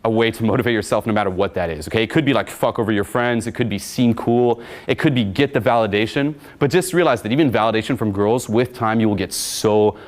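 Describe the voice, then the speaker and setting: A man's voice: lowish voice, fast, few pauses. A young man giving casual, profane coaching talk about dating, with a swaggering tone.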